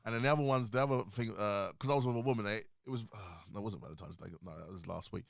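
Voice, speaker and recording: Guy hosting a chat, gravelly, laughs a lot, dry room. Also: fairly low pitch, racing, no room sound. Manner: animated, laughs often, restarts sentences. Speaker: podcast host. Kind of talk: casual chat. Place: studio.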